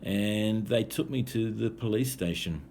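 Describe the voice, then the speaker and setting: A man with an Australian accent and a notably low voice tells a personal travel tale for English learners. He talks in a relaxed, easygoing way, often pausing on "um". Faint noise hums behind him. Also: gravelly. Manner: easygoing, frequent "um" fillers. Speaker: English teacher. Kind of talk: casual storytelling for language learners.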